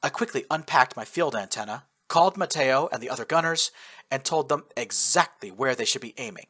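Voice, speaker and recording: An expressive man reads a first-person war tale aloud with lively storytelling. His voice is bright and forward, and his pitch moves freely over a wide range. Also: a little fast. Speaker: narrator. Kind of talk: first-person audiobook narration of fan fiction.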